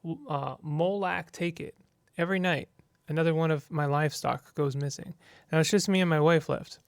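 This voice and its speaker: A man reading aloud the lines of a burly, blunt farmhand in a game, quiet and plain. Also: a little high, normal speed, creaky, dry recording.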